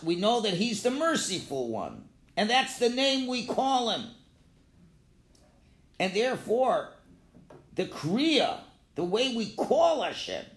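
Male Torah teacher, lively lecture delivery, bright and forceful tone, calls out examples loudly. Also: sits high. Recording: echoey room.

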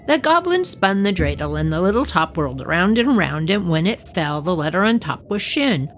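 A woman reads a storybook aloud, her voice bouncing with lively, expressive pitch and playful asides. She sits on the lower side for a woman. Soft music plays faintly behind her. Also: brisk, hardly any pauses, poor audio. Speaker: podcast storyteller.

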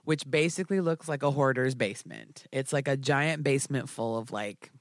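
A man casually telling a story, animated and full of fillers like "like". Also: medium pitch, moderate pace, no room sound, clean studio sound. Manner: animated, filler-heavy with frequent "like".

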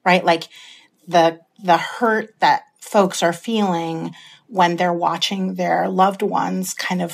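A woman author answering interview questions in a measured, thoughtful way. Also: lowish voice, creaky, husky. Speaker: author and guest.

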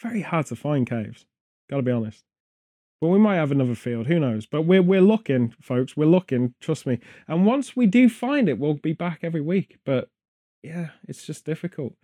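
A man's voice: on the high side, very animated, moderate pace, dark tone, no echo, clean studio sound. A British man hosting a podcast, rambling through casual chat full of wry, absurd jokes. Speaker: podcast host.

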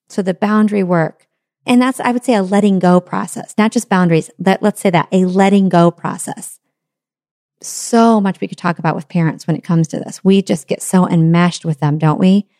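A woman's voice: fairly low pitch, darkish tone, no room sound, clean studio sound. A middle-aged woman giving an earnest self-help talk on letting go, with repeated phrases and rhetorical questions. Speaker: motivational speaker.

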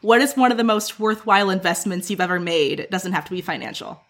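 A woman interviewing a podcast host in a casual, upbeat way, playful and quick to laugh. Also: medium pitch, fairly bright tone. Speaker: associate producer interviewing the host.

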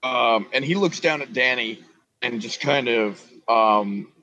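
A man narrating a tabletop game as game master, loose and halting with fillers. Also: mid-range voice, bright, forceful tone, dry recording, low-quality recording.

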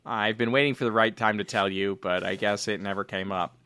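A man playing a lonely, divorced former executive reading out an awkward, rambling letter in a deadpan way, in an improvised comedy sketch. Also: lowish voice, brisk, clean tone.

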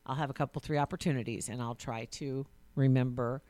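A woman's voice: extremely low pitch, steady tone, fairly quick, warm tone, no room sound. A woman co-hosting a podcast in casual chat, talking loosely with frequent laughs and restarts. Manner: chatty, laughs often, trails into restarts. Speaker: podcast co-host.

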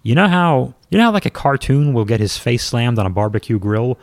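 A man, a former pro wrestler, telling a story in a casual, lively and self-mocking way, with some swearing. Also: mid-range voice, a little fast, no room sound.

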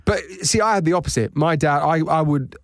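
A man's voice: on the high side, a little fast, no room sound, studio quality. A man chatting casually as a co-host, teasing his friend and laughing often. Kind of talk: casual chat.

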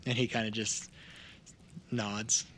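A man's voice: fairly low pitch, little pitch movement, slow, fairly bright tone. A man narrating a tabletop game as game master in a laid-back way.

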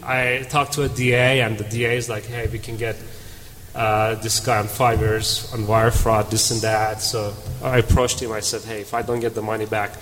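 Man, animated storyteller on a panel, acts out dialogue, long hall reverb, faint room noise. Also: on the low side, normal speed. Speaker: panel speaker. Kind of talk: telling a story on stage.

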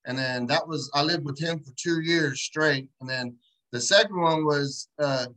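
A man in an interview, telling stories in animated, slangy, profane street talk. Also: a little high, a little slow, low-quality recording. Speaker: guest, entrepreneur. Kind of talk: casual interview storytelling.

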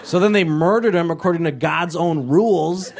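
A young man performing a stand-up comedy set on a club stage, acting out characters with sudden shouted voices. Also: fairly high pitch, moderate pace, vocal fry.

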